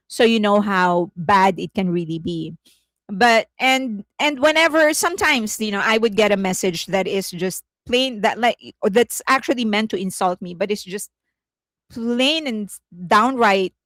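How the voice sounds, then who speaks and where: A woman's voice: mid-range voice, dry recording. A woman creator giving casual commentary to her viewers, chatty and repetitive, often breaking into laughter. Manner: chatty, repeats herself, many fillers. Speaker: content creator.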